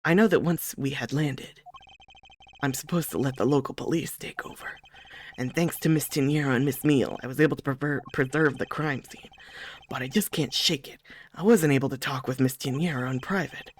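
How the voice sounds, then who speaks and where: A streamer doing a quiet, brooding male prosecutor. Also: a little hiss or hum, close to an everyday voice. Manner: quiet, low, measured inner monologue. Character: calm reserved male prosecutor. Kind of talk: reading game dialogue aloud in character.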